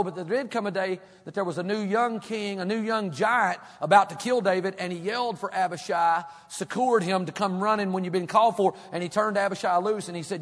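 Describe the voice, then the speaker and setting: A man's voice: high voice, fairly quick, few pauses, fairly bright tone. A man preaching a sermon as pastor, reading scripture and then preaching with growing fervor. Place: church. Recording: long hall reverb.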